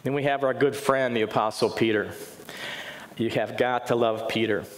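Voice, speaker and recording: A man's voice: medium pitch, steady tone, moderate pace. A middle-aged man preaching a sermon in earnest, often putting questions to his congregation. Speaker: pastor. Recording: echoey hall with faint noise.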